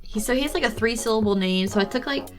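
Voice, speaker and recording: A young woman streams while she draws, chatting casually, rambling, and teasing with a snarky edge as she laughs often. Her voice is a little high and she talks fast, with faint music in the background.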